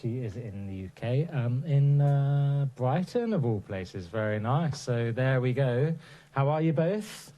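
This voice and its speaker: A man's voice: medium pitch, lively intonation, measured pace, dark tone, dull audio. A man with a mid-range voice hosts a casual live stream. He talks easily and laughs readily. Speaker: co-host.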